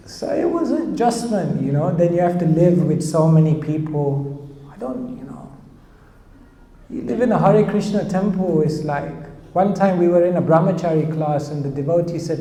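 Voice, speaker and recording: A man's voice: a little high, normal speed, mellow. Brief: a London-accented male monk, anecdotal and laughing, in a reverberant hall. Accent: British English. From London, England. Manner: chatty, anecdotal, laughs as he tells stories. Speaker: monk and spiritual teacher. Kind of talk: storytelling sermon to a live audience. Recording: echoey hall with faint noise.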